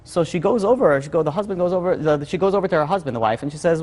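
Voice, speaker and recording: Male rabbi telling a story, super casual, lots of likes, kinda high voice, hall echo. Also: animated, rapid-fire, few pauses, darkish tone. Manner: casual, lots of "like" and "you know". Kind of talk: sermon storytelling. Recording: long hall reverb.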